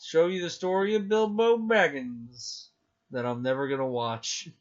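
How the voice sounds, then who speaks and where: A young man co-hosting a casual podcast chat, rambling and excitable with lots of fillers. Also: fairly high pitch, a little slow. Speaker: podcast co-host. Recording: dull lo-fi sound.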